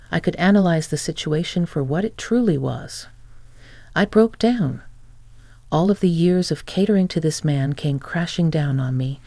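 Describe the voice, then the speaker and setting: A woman narrating a first-person family story in a steady, plain way. Her voice is gravelly and dark, recorded dry and close with no room sound. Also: sits low, dry recording.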